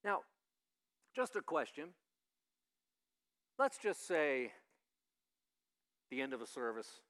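Animated high-voiced male pastor preaching. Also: takes it slowly. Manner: animated, acts out quoted voices. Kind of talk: conversational sermon.

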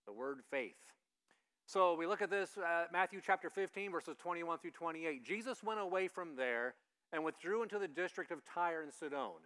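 Man, pastor, sermon, conversational, questions the listeners, smooth crisp voice, slightly high. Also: lively intonation, normal speed. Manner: conversational, questions the congregation directly; acts out quoted speakers with loud shouts.

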